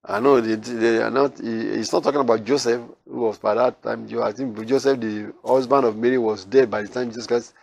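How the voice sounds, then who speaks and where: A man teaching the Bible verse by verse, reading scripture aloud and then explaining it in loose, halting asides. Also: medium pitch, steady tone, creaky, darkish tone, dry recording.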